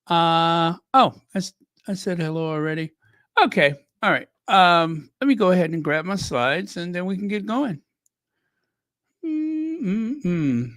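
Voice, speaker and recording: Slow unhurried stream host, reads out viewer names, dry close sound. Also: medium pitch, expressive, a bit bright, no room sound. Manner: chatty, greets viewers by name. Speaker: livestream host. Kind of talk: casual livestream chat.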